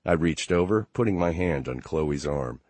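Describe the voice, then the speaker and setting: A man narrating a romance audiobook in steady first-person storytelling. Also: extremely low pitch, moderate pace, dry recording. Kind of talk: scripted narration.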